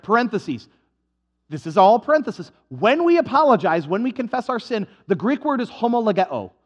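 Male pastor with a high, very lively voice, preaching animatedly and slipping into playful acted-out exchanges. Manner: animated, acts out dialogues with comic voices. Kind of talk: sermon.

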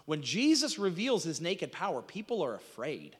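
Male pastor, high-pitched and animated, preaching in a reverberant church hall. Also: moderate pace, husky. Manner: conversational preaching with frequent restarts and rhetorical questions. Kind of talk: sermon.

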